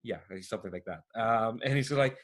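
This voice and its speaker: A man's voice: lowish voice, brisk. A man narrating as game master of a tabletop game, rambling with many fillers.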